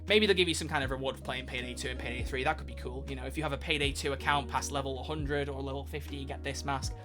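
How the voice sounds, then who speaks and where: A man's voice: medium pitch, steady tone, fast talker, music in the background. A young man streaming live, chatting casually and rambling as he answers questions from chat.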